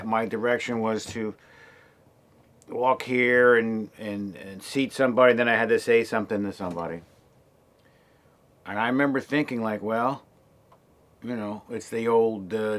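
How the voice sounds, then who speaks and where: An older man in his sixties recounts his own path in a relaxed, conversational way. His voice sits a little low. He rambles, restarts sentences and fills pauses with ums and you-knows. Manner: rambling, many fillers and restarts. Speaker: actor and creator telling his story. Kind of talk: casual personal storytelling.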